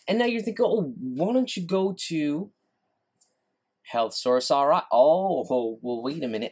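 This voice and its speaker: A man hosting a solo podcast, ranting in a frustrated, repetitive way and swearing casually. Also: medium pitch. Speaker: podcast host.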